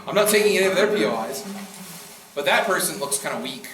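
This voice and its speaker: A man's voice: a little high, animated, quick pace, fairly bright tone, a little hiss or hum. A man giving a casual classroom lecture on debating, joking and acting out quoted speakers. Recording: echoey room from far off.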